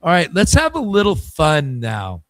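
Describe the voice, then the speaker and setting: A man's voice: fairly high pitch, huge pitch swings, normal speed, no room sound. Rambling man hosting a dry-sounding fan show. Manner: rambling, casual, hesitant. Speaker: football fan channel host. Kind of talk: casual football talk.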